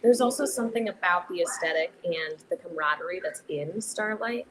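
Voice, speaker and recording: A woman's voice: on the low side, brisk, a crowd in the background, poor audio. A young adult woman, a theater director, talking casually in a podcast interview with many fillers and restarts. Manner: chatty, many fillers and restarts, laughs easily. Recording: noticeable background noise.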